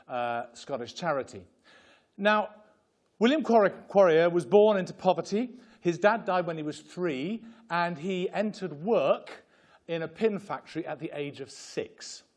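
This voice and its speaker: A man presenting at a fundraising seminar in a joking, impassioned way, speaking to a room. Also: fairly high pitch. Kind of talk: humorous seminar talk. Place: conference room with an audience.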